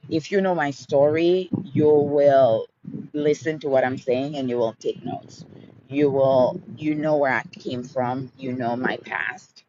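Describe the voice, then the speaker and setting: A man hosting a live question-and-answer stream, speaking in a slow, soothing, affirming way. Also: mid-range voice. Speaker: livestream host. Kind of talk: motivational live Q&A. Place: outdoors. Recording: dull lo-fi sound, street noise.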